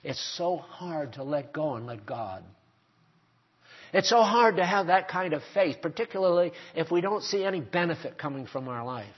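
An older male preacher delivers a sermon with a husky, slightly raised voice. He presses his points with rhetorical questions to the congregation. The recording sounds dull and lo-fi. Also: fairly high pitch, lively intonation, normal speed.

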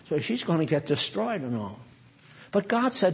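A man with a high voice preaches in a loose, folksy way. He drifts off on asides and turns questions to his listeners. The recording sounds dull and lo-fi. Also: very animated, moderate pace, vocal fry, slightly rough. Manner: conversational, digressive, asks the listeners questions. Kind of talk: folksy sermon reading and explaining scripture.

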